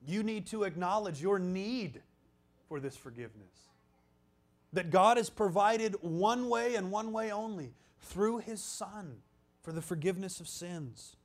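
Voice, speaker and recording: Preaching with emphasis, this high-voiced man shifts between booming exclamations and quiet, almost whispered passages.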